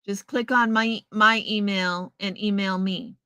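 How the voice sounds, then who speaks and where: Broadcasting from home against a green screen, this livestream host chats casually and answers viewers' messages by name, using a headset earpiece microphone. Her mid-range voice is steady, a little slow, bright, forceful, clear and resonant, with no room sound, though the recording is rough.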